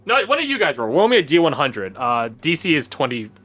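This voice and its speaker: A man's voice: fairly high pitch, sing-song, a little fast, sharp tone. A man narrating as game master of a tabletop game in a casual, laughing manner and swearing freely.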